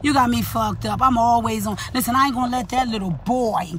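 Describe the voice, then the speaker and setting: A woman, stuffy from an allergy cold, telling a profane, animated storytime rant in her daily vlog segment, cussing and laughing at her own story. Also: fairly high pitch, a little fast, a little hiss or hum. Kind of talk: profane, ranting storytime monologue.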